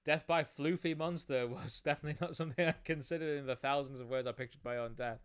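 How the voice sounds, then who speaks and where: A man's voice: fairly high pitch, fairly even intonation, fast, smooth. A young man co-hosting a game stream, chatting casually and reading the game's lines aloud in a laid-back, giggly way.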